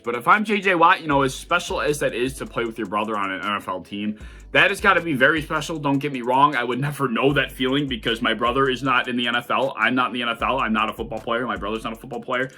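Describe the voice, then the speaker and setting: Young male sports vlogger, rapid-fire delivery, bright forward tone, blunt and animated. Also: medium pitch. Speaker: sports video host. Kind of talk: casual football opinion vlog.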